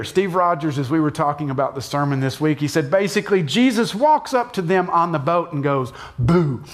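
A middle-aged man giving a conversational sermon as a pastor, dropping soft and low for emphasis and jumping up for acted shouts.

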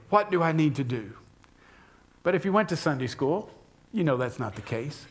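A man preaching a sermon as pastor, speaking conversationally and putting questions to the congregation. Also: on the high side.

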